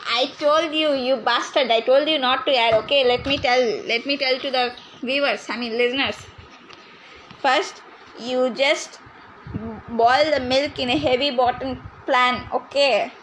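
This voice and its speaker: Brief: woman voicing a high-pitched, bickering grandmother in a comedy cooking skit. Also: steady tone, unhurried, fairly bright tone, slight background noise, low-quality recording. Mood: scolding. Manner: scolding, bossy, bickering. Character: bossy scolding grandmother, cooking show.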